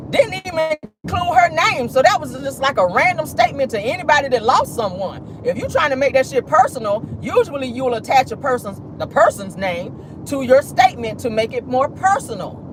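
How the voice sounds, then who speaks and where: A woman's voice: mid-range voice, background noise. A woman hosting a celebrity gossip commentary show, blunt, sassy and profane, calling listeners "child" and "baby".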